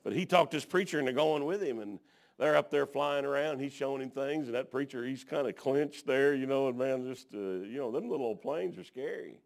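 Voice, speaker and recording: A man's voice: mid-range voice, brisk, vocal fry. A middle-aged man, preaching a sermon in a folksy, colloquial, fervent storytelling style.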